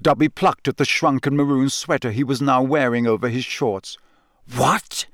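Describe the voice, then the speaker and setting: A man narrating an audiobook in an expressive reading style. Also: medium pitch, moderate pace, no echo, studio quality. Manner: expressive, voices characters. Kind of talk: scripted narration.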